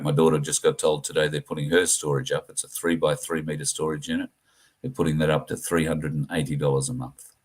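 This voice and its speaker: A middle-aged Australian man with a very deep, rough-edged voice speaks straight to his viewers on a livestream. He talks earnestly and plainly, stopping and starting with ums and uhs as he goes. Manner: earnest, plain-spoken, halting with many fillers. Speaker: livestream host. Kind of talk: casual livestream talk to viewers.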